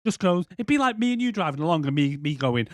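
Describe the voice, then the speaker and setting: A man's voice: fairly high pitch, very animated, fast, dry recording. A man co-hosting a podcast, ranting in casual, profane chat and slipping into mock voices. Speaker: podcast co-host.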